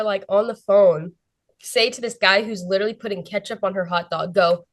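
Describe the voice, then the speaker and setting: A woman's voice: medium pitch, moderate pace. Young woman gushing, full of "like". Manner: breathless, fills every phrase with "like" and "literally". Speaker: guest. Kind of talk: excited storytelling.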